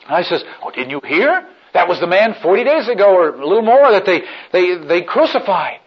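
Male preacher with a slightly high voice, retelling a scene with hushed lows and loud peaks, on a dull old recording. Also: very animated, a little fast, slightly rough. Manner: dramatic storytelling, swings from hushed to shouting. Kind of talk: sermon.

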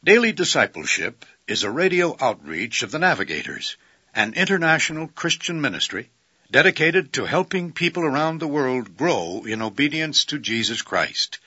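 A man's voice: a little high, very animated, normal speed, pushed and bright, husky, dry recording. A man announcing a religious radio program in a polished, promotional way. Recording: dry, dull lo-fi radio broadcast.

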